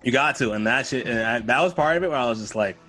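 A man's voice: mid-range voice, quick pace, faint music behind. A young man from the Boston area, a comedian, telling stories in casual chat and acting out the people he quotes. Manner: animated storyteller, acts out quoted voices.

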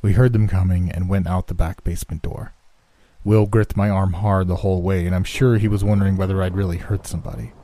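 A man reading a horror story aloud in the first person, in a hushed, anxious telling. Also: low voice, fairly even intonation, fairly quick. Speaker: narrator. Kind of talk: scripted horror story narration.

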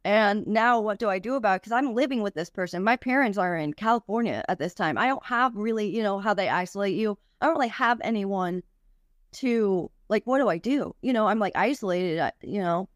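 A woman's voice: mid-range voice, fairly quick, no echo, studio quality. A young woman, a podcast guest, tells a personal story candidly, with frequent swearing and many "like" fillers.

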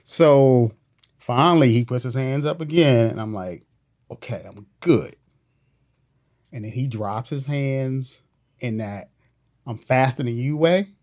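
A man's voice: medium pitch, unhurried, a little mellow. A man, a police officer, telling a tense story in a casual studio interview, full of slang and quoted voices. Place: podcast studio.

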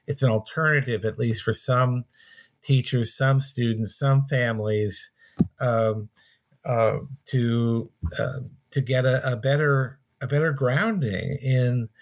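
Halting, reflective male author. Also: mid-range voice, steady tone. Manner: halting, with many pauses and restarts. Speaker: author being interviewed. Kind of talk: thoughtful interview answers.

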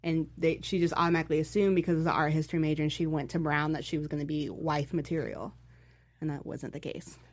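A woman's voice: low-pitched, fairly even intonation, fast talker. A young woman chatting casually as a podcast co-host, full of "like" and "you know" fillers, with the hiccups. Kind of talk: casual chat.

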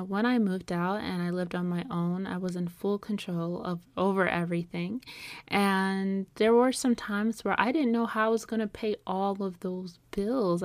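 A young woman telling a personal story to camera, animated and acting out her past reactions. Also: medium pitch, no room sound. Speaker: video producer.

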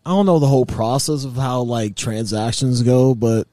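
A man in casual chat, laid-back and measured, swearing casually. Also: medium pitch, mellow.

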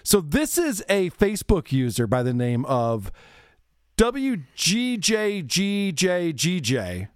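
Podcast host, male, lively and slightly high voice, dry close mic, wry casual banter. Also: slow pace, smooth, dry recording. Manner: laughs easily, reads listener messages with wry asides.

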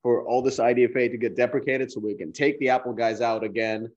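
A man's voice: mid-range voice, fairly even intonation, quick pace, darkish tone, dull audio. A man hosting a casual podcast chat, joking and chuckling between remarks. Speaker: podcast host.

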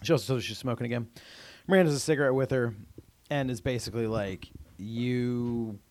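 A man's voice: mid-range voice, fast talker, no room sound. Guy rambling through an episode recap, lots of ums, super dry close mic sound. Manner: rambling with many fillers and restarts. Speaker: podcast co-host. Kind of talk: casual chat recapping a TV episode.

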